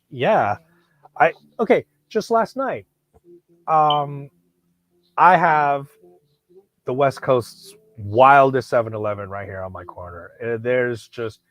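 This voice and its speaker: Rambling profane man telling a story. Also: mid-range voice. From Hollywood, California. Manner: rambling, animated, profane, many restarts. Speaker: knife collector vlogger. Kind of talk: casual storytelling.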